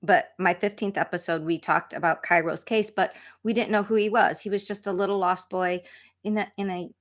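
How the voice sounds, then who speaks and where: A woman's voice: medium pitch, fairly even intonation, fairly quick. A middle-aged woman hosting a true crime live stream from home, chatting casually and rambling with many fillers and restarts. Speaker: true crime channel host.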